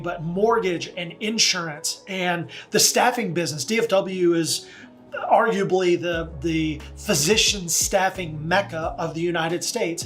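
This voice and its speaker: A man's voice: high voice, fairly bright tone. Chatty Texas real estate man. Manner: chatty, folksy, with slangy asides. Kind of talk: casual vlog.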